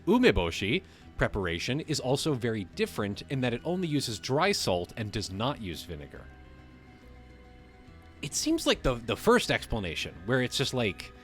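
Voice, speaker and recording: A man's voice: lowish voice, a bit bright. A man hosting a livestream, reading a text aloud and breaking off to riff on it casually, swearing now and then. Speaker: livestream host.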